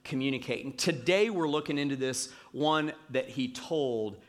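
A man's voice: medium pitch, normal speed. A man in his thirties preaching a sermon as pastor, talking in a chatty, self-mocking way with lots of fillers.

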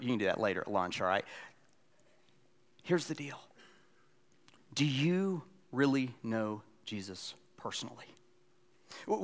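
A man in his forties preaching a sermon as pastor, moving between loud, lively storytelling and quiet, almost whispered appeals. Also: medium pitch. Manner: swings from loud excited storytelling to hushed, near-whispered pleading.

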